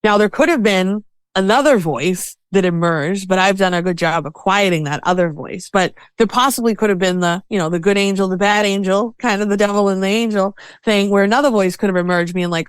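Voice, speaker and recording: A woman talking as a podcast guest about self-care, animated, sometimes acting out voices in her head as quotes. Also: medium pitch, normal speed, clean tone, dry recording. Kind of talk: conversational interview.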